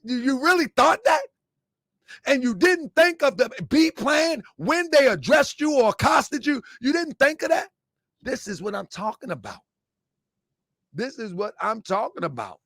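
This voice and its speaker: High-voiced man mocking in lively commentary. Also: measured pace, no room sound, studio quality. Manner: mocking, laughs often, rhetorical questions. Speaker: online commentator.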